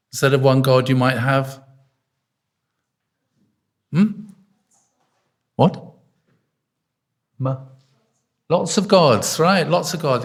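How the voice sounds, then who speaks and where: A man preaching an informal sermon in an arts centre hall, chatty and full of fillers, stopping often to quiz his listeners. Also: mid-range voice. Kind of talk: informal sermon with congregation questions.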